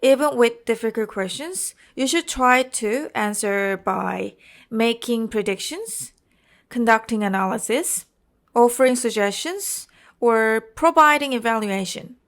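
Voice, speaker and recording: A woman's voice: on the high side, unhurried, fairly bright tone. A woman with a Korean accent teaching an IELTS exam-prep lesson, explaining carefully and often checking in with "okay?" and "you know".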